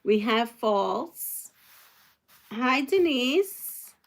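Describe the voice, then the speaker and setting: A woman's voice: a little high, expressive, very slow, creaky. A woman hosting a quilting livestream from home, chatting casually with viewers and thinking aloud as she sews. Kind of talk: casual live chat while sewing.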